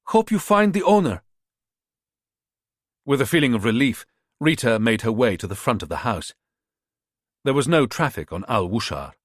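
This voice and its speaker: A man narrating a thriller audiobook in a measured, expressive reading. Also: medium pitch, no room sound, studio quality.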